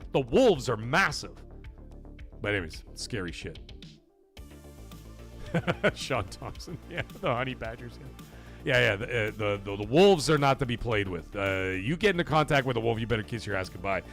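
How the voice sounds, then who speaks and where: Lively joking male stream host. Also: medium pitch, normal speed, creaky, long pauses, soft background music. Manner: animated, profane, joking banter with chat. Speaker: livestream host. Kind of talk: casual livestream chat, reading out chat.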